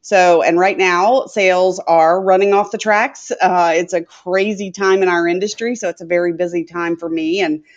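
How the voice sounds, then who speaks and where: A woman's voice: lowish voice, fairly even intonation, moderate pace, few pauses. Chatty middle-aged woman on lo-fi audio. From Tennessee. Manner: chatty, rambling, many filler sounds. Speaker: guest, sales consultant. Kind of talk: conversational interview. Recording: dull lo-fi audio.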